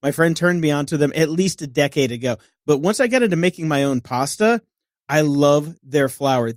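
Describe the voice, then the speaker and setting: Upbeat male co-host, slightly higher voice. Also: animated, moderate pace, no room sound, studio quality. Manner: enthusiastic, upbeat endorsement. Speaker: podcast co-host. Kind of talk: casual chat.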